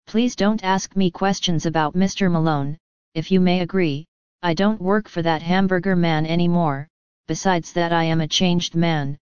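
A man's voice: sits high, steady tone, moderate pace, darkish tone, smooth, no echo, natural voice. Bitter male ex-inmate, angry outbursts, dull lo-fi sound, read by a woman. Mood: defensive. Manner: angry, bursts out.

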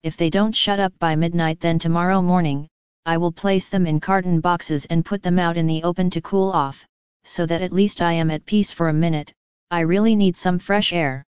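A fed-up husband grumbles about the noisy kids and makes excuses, read by a woman in her own voice. The tone sits low and very clear. The recording is dry and slightly muffled. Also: steady tone, normal speed, a little mellow, no room sound, close to an everyday voice. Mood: grumbling. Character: exasperated lazy husband, middle-aged man.

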